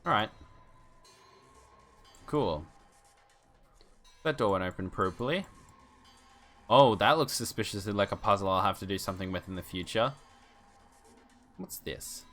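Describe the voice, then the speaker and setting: A man's voice: fairly low pitch, normal speed, long pauses, a bit bright, soft background music. A man streaming a video game, joking and swearing in casual commentary.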